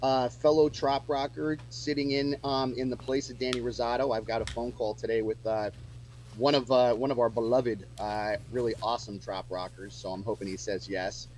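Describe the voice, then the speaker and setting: A man's voice: medium pitch, fairly even intonation, normal speed, darkish tone, low-quality recording. Chatty male musician guest, faint hum. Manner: chatty, lots of fillers and restarts. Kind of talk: casual radio chat.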